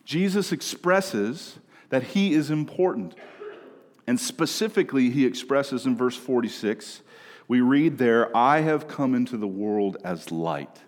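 Slow-preaching pastor in a reverberant hall. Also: male voice, mid-range voice, animated. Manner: emphatic preaching, swings between hushed and raised. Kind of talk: sermon. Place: church sanctuary.

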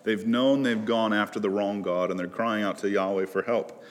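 A man with a somewhat low voice preaches a sermon. He speaks with earnest conviction, climbing to loud pleas and sinking to hushed, heavy lines. His voice rings with the long reverb of a large hall. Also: steady tone, moderate pace. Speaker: pastor.

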